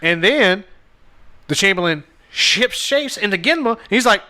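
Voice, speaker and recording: A man co-hosting a podcast recaps a film in loose, profane chat. He keeps stopping and restarting, and he acts out the characters as he goes. His voice sits a little high and sounds bright. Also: expressive, moderate pace. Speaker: podcast co-host.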